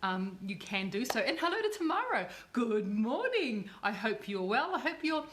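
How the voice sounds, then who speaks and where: A woman hosts a livestreamed cooking demo in a bubbly, effusive way. Her voice sits a little high for a woman. She tends to circle back and repeat her words. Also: sing-song, moderate pace, a bit bright. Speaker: cooking show host.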